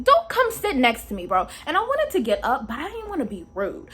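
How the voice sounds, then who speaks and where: Young woman, storytime vlog, slangy and exclamatory, fairly high voice, lively swooping pitch. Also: brisk, hardly any pauses. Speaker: vlogger.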